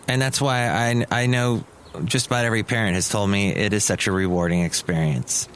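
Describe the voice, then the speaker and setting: A man's voice: medium pitch, fairly bright tone. Solo podcast host, middle-aged man, dry meandering chatter, faint hiss. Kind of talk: rambling solo comedy podcast.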